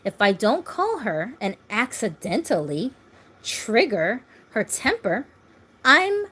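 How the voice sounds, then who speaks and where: A woman's voice: on the high side, a bit bright. A woman in her thirties hosting a doll channel, chatting casually on a phone livestream, laughing often and reading viewer comments aloud. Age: 30s.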